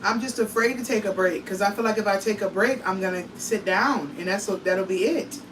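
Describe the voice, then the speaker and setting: A woman's voice: mid-range voice, a little fast, recorded from a distance, noisy background. Worn-out woman vlogging from her kitchen. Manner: tired and emotional, talks straight to viewers, sighs and laughs. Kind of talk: casual vlog talk to viewers. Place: home kitchen.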